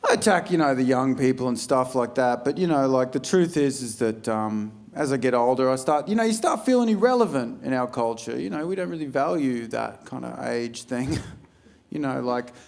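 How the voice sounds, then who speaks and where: A man's voice: moderate pace, vocal fry. A man in his forties with an Australian accent, doing blunt, sweary stand-up comedy in a large venue. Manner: blunt, swearing, jumps into loud high-pitched bits. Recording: live stage recording with audience noise.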